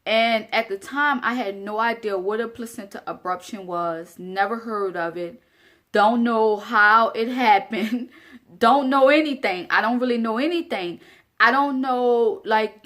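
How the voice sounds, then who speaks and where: A woman's voice: fairly high pitch, bright, forceful tone. Earnest young woman telling her story. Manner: earnest, addresses viewers directly, repeats phrases for emphasis. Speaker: vlogger. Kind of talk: casual storytelling to camera.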